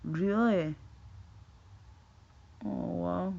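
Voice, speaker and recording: Gravelly-voiced Scottish woman rambling on stream. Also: lowish voice, drawn-out words, dark tone, dull audio. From Scotland. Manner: rambling, reacting to chat comments. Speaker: livestreamer chatting with viewers. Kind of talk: casual livestream chat.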